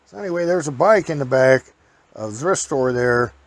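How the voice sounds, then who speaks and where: A man's voice: medium pitch, expressive, normal speed, no room sound. A man hosting a storytelling podcast, telling a rambling folksy anecdote and chuckling often.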